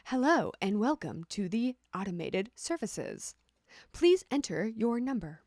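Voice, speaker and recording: A woman putting on a flat, prim voice that imitates an automated phone-menu system. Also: a little high, measured pace, dry recording, studio quality. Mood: formal.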